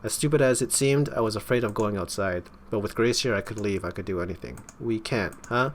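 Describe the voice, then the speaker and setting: A man with a low voice and a strained throat, reading a game's story and breaking off for wry, stumbling comments. The delivery is casual let's-play narration. A faint hum of noise stays under it. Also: quick pace. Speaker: gaming YouTuber.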